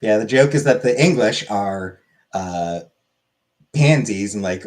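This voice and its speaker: A man's voice: lowish voice, expressive, unhurried, pauses often, a little mellow. Guy doing a rambly crude comedy monologue, voice jumps around a lot.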